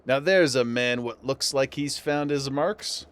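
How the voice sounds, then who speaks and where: A man reading aloud the lines of a rough-talking townsman from a game, in colloquial dialect grammar. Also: mid-range voice, measured pace, lightly acted.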